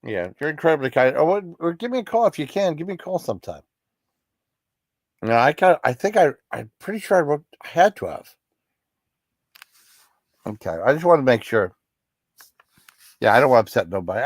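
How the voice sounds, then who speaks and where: A man's voice: a little high, sing-song, fairly quick, pauses often, no room sound, studio quality. A man hosting a livestream, chatting casually with viewers in a rambling, apologetic, reassuring way. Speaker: livestream host.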